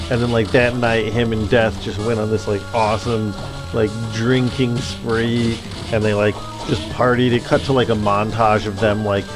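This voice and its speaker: A man hosting a let's play video, telling a story in a casual, rambling way full of fillers. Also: on the low side. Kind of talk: rambling gameplay commentary.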